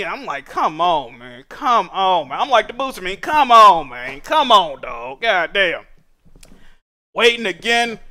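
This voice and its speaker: Young male streamer, high bright voice, profane animated storyteller. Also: clear, resonant tone. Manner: profane, animated, rising to exasperated shouting. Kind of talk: casual storytelling rant.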